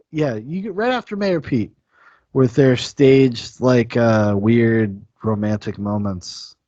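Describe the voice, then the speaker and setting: A man's voice: medium pitch, slow pace, dark tone, no echo, dull audio. A man hosting a podcast, talking in a rambling, profane, enthusiastic way about a film. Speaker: podcast host. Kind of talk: casual film-review chat.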